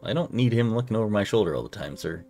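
A man's voice: fairly low pitch, lively intonation, fast, creaky, dark tone, soft background music. A man reading the lines of an impatient young male crewman in a game. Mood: pleading. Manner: pleading, petulant.

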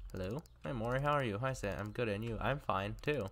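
A man's voice: on the low side, fairly bright tone, slight background noise. A man casually playing a game on video, reading its text aloud in a musing way and sometimes stammering. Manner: slow, musing, occasional stammers. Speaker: let's player.

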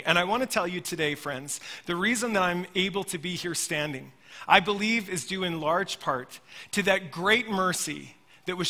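High, bright-voiced preacher in a reverberant hall. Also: male voice. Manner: earnest storytelling, addresses listeners as friends. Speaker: pastor. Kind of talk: sermon.

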